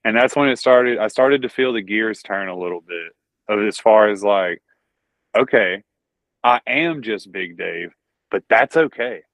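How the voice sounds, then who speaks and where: A man's voice: fairly low pitch, lively intonation, measured pace, fairly bright tone, no echo. A man with a Southern accent, a pro wrestler talking in a casual interview, rambling and swearing often. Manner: profane, rambling, says "dude" and "bro". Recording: dull lo-fi dry audio.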